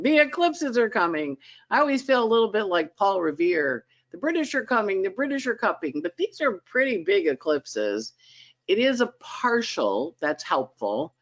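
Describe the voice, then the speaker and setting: A woman hosts a weekly astrology forecast, her pitch swinging up and down with lively emphasis. She talks in a chatty, dramatic way. The sound is dull, like a conference call line. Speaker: astrologer host.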